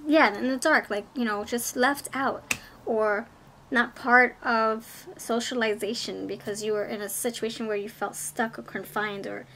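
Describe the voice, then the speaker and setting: A woman giving a casual pick-a-card tarot reading, chatty and easily excited. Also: a little high, slight background noise. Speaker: tarot reader.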